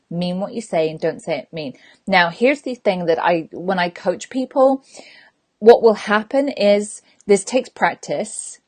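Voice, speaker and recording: A woman hosts a sobriety coaching podcast and talks straight to her listeners. She is animated and blunt. She brings her points to life by acting out short everyday scenes. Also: fairly low pitch. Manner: animated, direct, acts out little scenes. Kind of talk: motivational talk to listeners.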